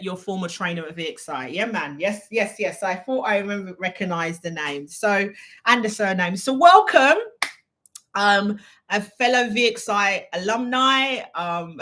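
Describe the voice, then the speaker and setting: A woman's voice: mid-range voice, fairly bright tone. A woman with an English accent, from the UK, hosting an unscripted live Q&A in a chatty, rambling way and reading viewer comments aloud. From United Kingdom. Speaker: live-stream host.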